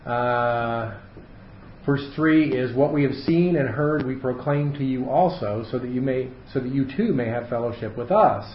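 A man's voice: medium pitch, normal speed. Man teaching a Bible study in an echoey room. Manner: explanatory, thinks aloud with fillers and restarts. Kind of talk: casual Bible study lesson. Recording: echoey room, dull sound, faint hiss.

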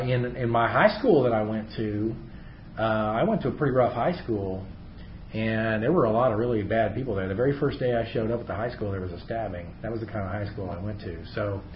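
A man's voice: on the low side, a little fast, reverberant, lo-fi sound, slight background noise. A middle-aged man teaching a Bible class, chatty, asking his class rhetorical questions. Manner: conversational, often asks rhetorical questions.

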